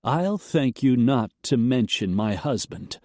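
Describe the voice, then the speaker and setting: A man's voice: mid-range voice, expressive, slow pace, darkish tone, no echo, clean studio sound, voice pushed up. A man voicing a cold, clipped widowed woman who owns a ranch.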